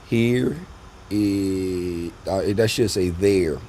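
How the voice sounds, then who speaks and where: A man's voice: deep voice, measured pace, pauses often, mellow, slight background noise. A man, talking loosely and repeating himself as he walks viewers through a trading lesson on screen. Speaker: trading educator.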